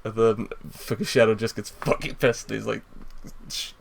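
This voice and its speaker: A man with a fairly low voice chats casually on a podcast, breaking into laughter often and reading lines from a story aloud. A faint hiss of noise sits under his voice. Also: level tone, unhurried, vocal fry. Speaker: podcast host. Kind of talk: casual comedic podcast chat.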